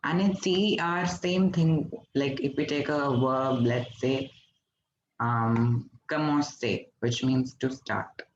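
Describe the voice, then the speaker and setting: A man's voice: mid-range voice, steady tone, takes it slowly, a little hiss or hum. A man from India teaching a French lesson to an online class, patiently explaining step by step and quizzing his students. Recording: roomy, dull lo-fi recording.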